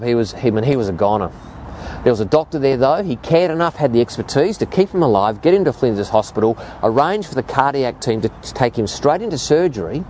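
A middle-aged Australian man delivers a sermon in an animated storytelling manner. His pitch sits in an ordinary male range but swings widely as he builds his points. Faint background noise sits behind him. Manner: animated storytelling preacher, lively rises and drops in pitch. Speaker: preacher.

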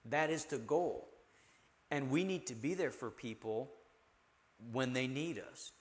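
A man hosting a faith discussion, affirming guests and teaching in a preacher's manner. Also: medium pitch.

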